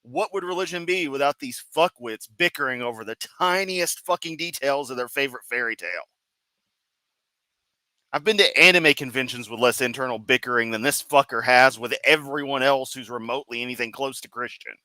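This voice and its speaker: A man's voice: medium pitch, fairly quick, sharp tone, no room sound, rough recording. A man giving sarcastic, profane reaction commentary as a streamer, mocking what he hears. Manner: sarcastic, mocking, swears constantly.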